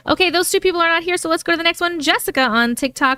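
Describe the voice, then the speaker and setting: A woman's voice: very high-pitched, very fast, hardly any pauses, bright, forceful tone, no echo, clean studio sound. A woman with a Long Island New York accent, hosting a livestream and chatting in a bubbly way, thanking viewers by name. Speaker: livestream host and story reader. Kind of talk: casual livestream chat with viewers.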